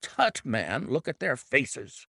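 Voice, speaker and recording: A male audiobook narrator voicing a cool, commanding gentleman detective who speaks crisply and precisely. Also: mid-range voice, big pitch swings, slow, no room sound, studio quality, heavily acted. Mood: urgent.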